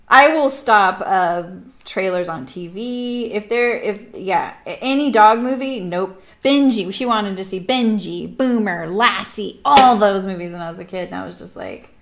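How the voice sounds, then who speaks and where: A woman's voice: medium pitch, a bit bright. A woman in her forties from Southern California, hosting a sewing livestream and telling rambling stories with lots of fillers. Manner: chatty, rambling storyteller with frequent fillers and laughs. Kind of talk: casual chat while sewing. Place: home sewing room.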